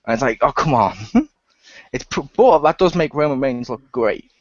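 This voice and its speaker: A man co-hosts a relaxed podcast chat, cracking jokes and laughing at his own remarks. His voice sits in a middle range. It comes through a dry, muffled, lo-fi recording. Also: medium pitch, no room sound. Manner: joking, quick asides with laughs. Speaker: podcast co-host. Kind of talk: casual chat.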